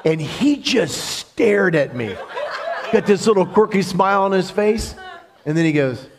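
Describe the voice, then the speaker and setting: Male preacher, bright higher voice that swoops a lot, chatty and storytelling from the pulpit. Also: a little slow, crowd noise. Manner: animated, conversational storytelling with laughs. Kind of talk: sermon.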